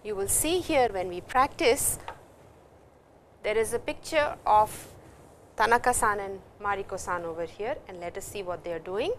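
A woman's voice: mid-range voice, moderate pace, a little hiss or hum. A woman with an Indian English accent teaching a recorded Japanese language lecture, reading example sentences and explaining them in English.

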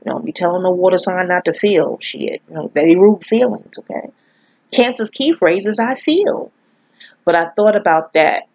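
Husky New woman, rambling and candid. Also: fairly low pitch, normal speed, darkish tone, no echo. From New York. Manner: candid, profane, rambling storyteller who laughs often. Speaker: astrology vlogger. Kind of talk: casual spoken monologue. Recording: dull lo-fi audio.

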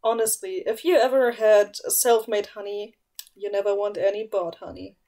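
A woman's voice: mid-range voice, fairly even intonation, normal speed, warm tone. A woman co-hosting a podcast in casual chat, playful and giggly, rambling a little. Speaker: podcast co-host.

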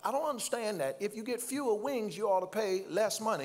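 A man preaching a sermon, calling for responses from the congregation and rising to shouts. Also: high voice, animated, fast talker, few pauses. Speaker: pastor. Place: church.

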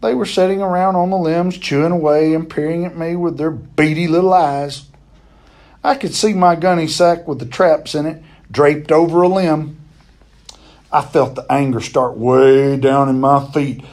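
Expressive man reading a story aloud. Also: fairly high pitch, normal speed. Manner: expressive storytelling with occasional stumbles and repeats. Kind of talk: reading a novel chapter aloud.

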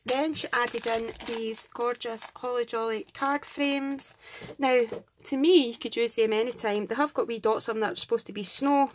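A Scottish woman with a slightly high voice hosts a craft channel, chatting to the camera while she unboxes gifts. She gushes over every item and warmly thanks each sender in this casual, chatty clip. There's noticeable background noise.

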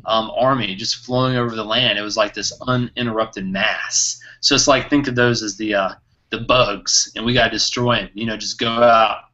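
A man chats about books with a bright, forceful edge to his voice. He retells the story eagerly and animatedly, and laughs often. The sound comes through a slightly muffled, lo-fi recording. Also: fairly low pitch, fairly even intonation, normal speed. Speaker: podcast co-host. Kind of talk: casual book discussion.

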